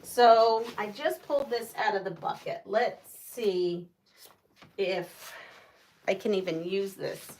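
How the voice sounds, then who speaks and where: A woman's voice: medium pitch, takes it slowly, darkish tone, slight background noise. A woman hosting a casual livestream, chatting and laughing with viewers. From United States. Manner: chatty, laughs often, reads viewer comments aloud. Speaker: livestream host.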